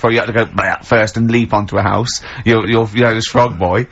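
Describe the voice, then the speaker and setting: A man's voice: steady tone, fairly quick, gravelly, fairly bright tone, husky. A hungover man hosting a comic radio show, rambling through silly made-up scenarios. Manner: playful, rambling, acts out silly scenarios with squeaky voices. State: hungover, unwell. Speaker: radio host. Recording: dull radio broadcast audio.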